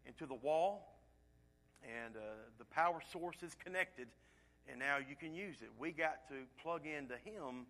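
Pastor preaching, voice a bit high, gets loud on big points then goes quiet. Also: male voice. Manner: earnest preaching, swings between loud emphasis and hushed asides. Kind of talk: sermon.

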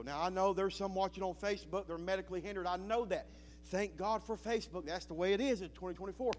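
High-voiced pastor swinging from hush to shouting. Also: male voice, fast. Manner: swings from hushed to loud impassioned preaching. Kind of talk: sermon. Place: church sanctuary.

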